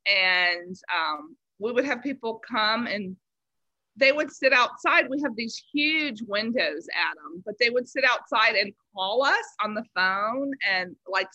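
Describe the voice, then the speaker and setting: A woman's voice: mid-range voice, sharp tone, dry recording, highs cut off. A woman from Los Angeles with a slight Southern lilt, chatting as an interview guest and filling her talk with "you know.". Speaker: guest, baker. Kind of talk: casual interview chat.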